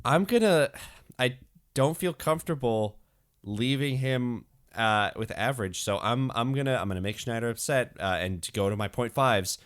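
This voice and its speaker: A man's voice: medium pitch, animated, moderate pace. A young man co-hosting a casual podcast, talking through his thoughts in a rambling, hesitant way with many fillers. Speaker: podcast co-host.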